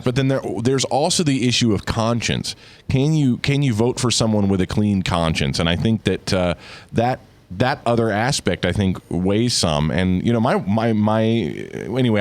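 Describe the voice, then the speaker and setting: A man's voice: lowish voice, dry recording. A man co-hosting a talk radio show, thinking aloud hesitantly and trailing off. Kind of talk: casual talk radio chat.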